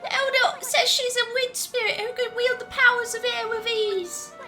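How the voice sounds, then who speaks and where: A woman voicing an excitable young female adventurer sidekick, reading game dialogue in a chirpy, quick, high-pitched manner. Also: faint music behind.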